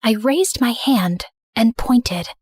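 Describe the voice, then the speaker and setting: Woman doing a sorry outcast teen girl telling her story, kinda high, dry close mic. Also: slow pace, a little mellow, slightly rough, no echo. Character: remorseful outcast teenage girl. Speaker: first-person narrator. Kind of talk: scripted story narration.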